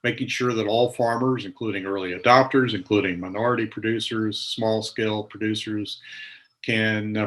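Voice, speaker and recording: A male agricultural news reporter talks through policy in a discussion. His voice sits fairly low, and he speaks haltingly, piling up fillers and restarts as he thinks aloud. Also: fairly bright tone. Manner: hesitant, many fillers and restarts.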